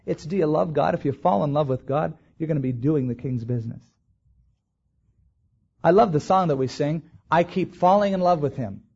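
A man preaching a sermon as a pastor, rising to emphatic peaks and slowing down to stretch key words. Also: on the high side, mellow, husky. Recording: dull lo-fi recording.

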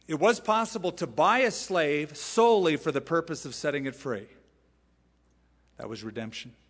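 A man's voice: on the high side, a bit bright, slightly rough. Emphatic male pastor in a reverberant hall. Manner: emphatic, uses rhetorical questions and asides. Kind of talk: expository sermon. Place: large church sanctuary. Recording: long reverb in a large hall.

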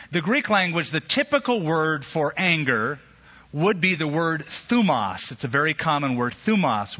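Animated male preacher in an echoey hall. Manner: animated preaching with sudden pitch jumps and acted quotes. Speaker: pastor. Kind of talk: sermon. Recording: echoey hall, slightly dull sound.

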